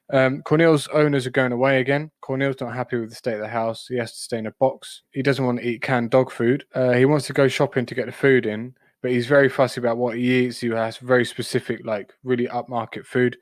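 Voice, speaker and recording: A man talks through a cartoon episode in a loose, rambling way, full of ums and uhs. His voice sits at an ordinary pitch. The sound is dry and close, with no room around it. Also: no echo. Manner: rambling with fillers. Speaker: podcast co-host. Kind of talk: casual episode recap.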